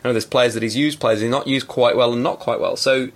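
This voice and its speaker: Fast-talking man hosting a podcast. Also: medium pitch, fairly even intonation. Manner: chatty and opinionated. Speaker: podcast host. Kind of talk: casual football podcast chat.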